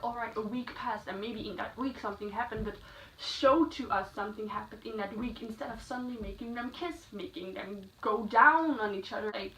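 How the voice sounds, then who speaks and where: A woman giving a chatty, casual spoken book review, full of "like" fillers and animated asides. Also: a little high. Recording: echoey room, slightly distant mic, faint noise.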